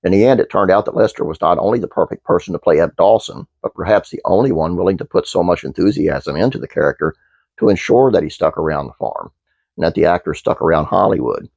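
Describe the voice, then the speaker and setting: A man's voice: low-pitched, animated, fast, creaky, darkish tone, husky, no echo, highs cut off. A man hosting his own channel, reading a trivia script aloud with fillers and restarts, then chatting casually to viewers. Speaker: channel host.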